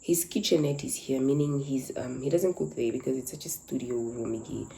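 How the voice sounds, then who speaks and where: A woman's voice: extremely low pitch, a little fast, vocal fry, warm tone, slight background noise, rough recording. A young woman, animatedly telling a dramatic story from her life in casual chat. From Namibia. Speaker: content creator.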